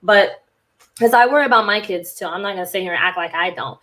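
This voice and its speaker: A woman's voice: medium pitch, quick pace, a bit bright. A woman podcast host and cult recovery coach in a candid, rambling casual monologue who swears freely.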